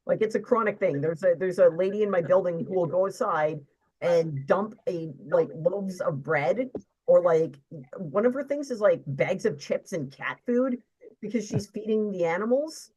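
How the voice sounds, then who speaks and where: A woman's voice: lowish voice, moderate pace, a little mellow, husky, poor audio. A woman co-hosting a casual live chat, rambling and wry. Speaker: co-host.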